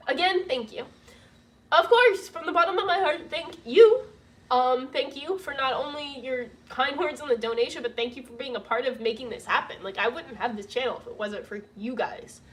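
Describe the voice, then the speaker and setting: High-voiced young woman, distant mic. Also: moderate pace. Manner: emotional, laughing through tears, gushing. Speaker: vlogger reading donation messages. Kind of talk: casual livestream chat. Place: home room with roof work banging.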